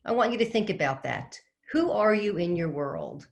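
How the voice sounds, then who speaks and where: Low-voiced woman telling a story on a webinar. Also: very animated, normal speed, creaky. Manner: chatty storyteller asking the audience questions. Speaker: professional speaker and organizing coach. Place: home with fresh flowers behind her. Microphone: video call.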